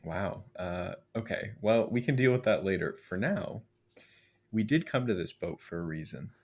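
A man plays a tabletop game, his voice sitting a little low. He stammers and hesitates as he works through his questions. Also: animated, moderate pace, slightly rough. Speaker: player. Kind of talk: casual tabletop play.

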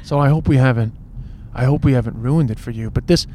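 A man's voice: mid-range voice, fairly quick, warm tone. An Irish man co-hosting a podcast in casual chat, talking in loose, restarting phrases. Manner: chatty, restarts phrases often. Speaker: podcast co-host. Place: moving car. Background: traffic and train noise.

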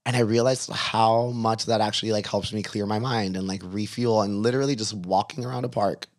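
Chatty low-voiced man, filler-heavy talk. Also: steady tone, a little fast. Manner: chatty, many fillers and laughs. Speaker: fitness instructor. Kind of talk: casual interview chat.

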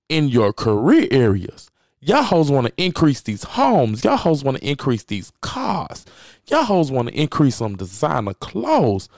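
A man's voice: medium pitch, darkish tone, no room sound, clean studio sound. A man hosting a podcast, giving a blunt, profane motivational rant and hammering his points home by repeating phrases. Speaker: podcast host.

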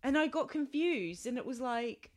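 A woman co-hosting a casual chat about music, animated and quick to laugh. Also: high-pitched. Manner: animated, laughs often, reacts with short remarks. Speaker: podcast co-host.

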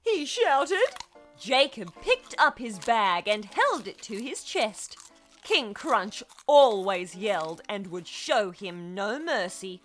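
A woman reading a children's story aloud, expressive and playful with sound-effect words. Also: medium pitch, slow, faint music behind.

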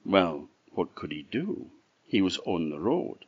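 Deep-voiced orkney man telling a folk tale, slow and expressive, dry dull recording. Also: no room sound. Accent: Orkney Scottish. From Orkney, Scotland. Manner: lively, expressive storyteller. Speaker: storyteller.

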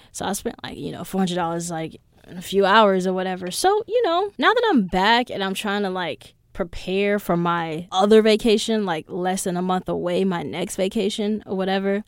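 A young adult woman hosting a podcast, telling stories in a casual monologue that is animated and full of swearing. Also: on the low side, vocal fry, dry recording, clean studio sound. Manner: profane, animated storyteller. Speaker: podcast host.

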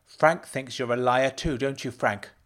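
A man's voice: medium pitch, unhurried, pitched above the performer's own voice, natural voice. A man reading a story aloud, voicing a married woman who snaps angry accusations at her husband and his friend. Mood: furious. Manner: accusing, snapping, loud. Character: middle-aged wife, furious, accusing, sharp-tongued.

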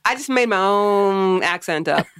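A woman's voice: mid-range voice, animated, unhurried, fairly bright tone, clear, resonant tone, dry recording, clean studio sound. A woman co-hosting a podcast in casual, joking chat, swearing freely and laughing often. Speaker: podcast co-host.

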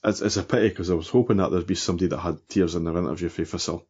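A man's voice: deep voice, very fast, a little mellow, slightly rough, lo-fi sound. A Scottish man co-hosting a football podcast, teasing and chuckling through casual banter. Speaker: podcast co-host.

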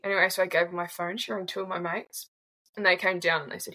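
A woman's voice: lowish voice, flat delivery, quick pace, sharp tone, low-quality recording. A woman in her twenties with an Australian accent, telling her own story bluntly and casually as a guest. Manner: blunt, casual, swears freely. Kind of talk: candid personal storytelling.

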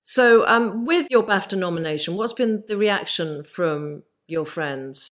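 A woman's voice: fairly low pitch, animated, unhurried, a bit bright. A woman, hosting an interview, speaking in an effusive, reassuring way. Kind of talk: casual interview chat.

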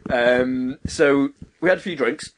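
A man's voice: medium pitch, takes it slowly. A young man on a podcast, telling a story in casual chat, swearing freely and acting out the voices of the people he quotes. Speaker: podcast co-host.

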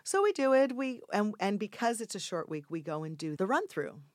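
An older woman telling a casual anecdote in an interview, acting out the quoted voices with sudden loud, high outbursts. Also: fairly quick, no room sound, clean studio sound. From Mexico. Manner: animated storyteller acting out quoted lines with big jumps in pitch and volume. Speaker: actress guest telling a story.

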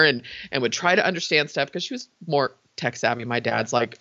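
A woman's voice: low voice, lively intonation, moderate pace, pushed and bright, no echo. A middle-aged woman talking in a chatty, heartfelt way as a podcast guest, often laughing. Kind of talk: casual interview talk. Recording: slightly dull, lo-fi dry recording.

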